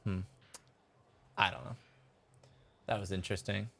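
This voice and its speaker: A man's voice: low-pitched, fairly even intonation, measured pace, creaky, fairly bright tone. A man chatting casually as he streams a game and reads out chat messages. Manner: chatty, rambling, laughs, reads chat aloud. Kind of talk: casual gameplay commentary.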